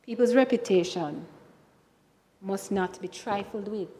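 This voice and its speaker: A woman senator with a Jamaican accent giving a formal parliamentary speech, measured and emphatic, repeatedly addressing the chair. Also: mid-range voice, dark tone. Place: senate chamber. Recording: reverberant chamber sound.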